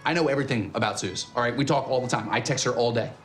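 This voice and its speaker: A man's voice: medium pitch, racing, fairly bright tone, soft background music, close to an everyday voice. An actor playing a defensive young man who insists he knows his girlfriend, in a film comedy scene. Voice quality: indignant, defensive.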